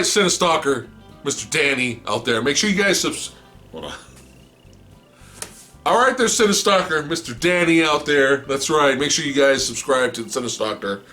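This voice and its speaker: A man's voice: medium pitch, pushed and bright. A man co-hosting a collecting video, tipsy from beer, giggling and fumbling his words as he chats casually. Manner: giggly, fumbling restarts, cursing. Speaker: co-host of a movie collecting channel.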